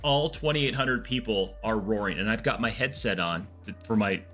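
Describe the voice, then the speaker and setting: A man streaming a game, telling long rambling stories in a casual, animated way, with lots of restarts. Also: fairly low pitch, moderate pace, soft background music. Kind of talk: casual storytelling chat.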